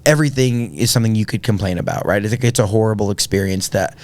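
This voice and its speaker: Earnest man, lower voice. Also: quick pace, a little mellow. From Indiana, USA. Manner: earnest, many filler words and restarts. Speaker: podcast guest. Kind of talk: casual storytelling.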